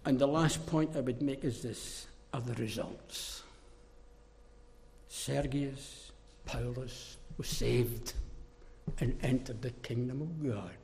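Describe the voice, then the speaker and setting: A man preaching a sermon, emphatic and forceful, dropping into low mocking asides. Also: slow, creaky, long pauses, a little hiss or hum. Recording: reverberant hall.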